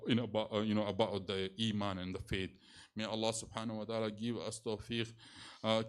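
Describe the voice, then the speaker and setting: A man preaching a religious sermon, telling a story fervently with halting fillers. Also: on the low side, clear, resonant tone.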